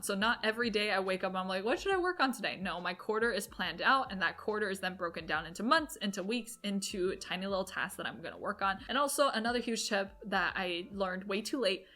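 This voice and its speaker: With a bright, forceful, mid-range voice, a woman in her twenties gives business tips directly to camera. The entrepreneur vlogger is chatty and upbeat, with quick asides.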